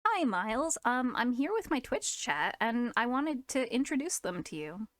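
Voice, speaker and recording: A woman's voice: fairly high pitch, big pitch swings, normal speed, a bit bright, dry recording, clean studio sound. A woman streaming live, chatting casually, laughing often and restarting her sentences.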